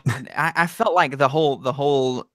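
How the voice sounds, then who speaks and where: A man co-hosting a casual podcast chat, animated and full of hesitant restarts. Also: mid-range voice, normal speed, dry recording, clean studio sound. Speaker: podcast co-host.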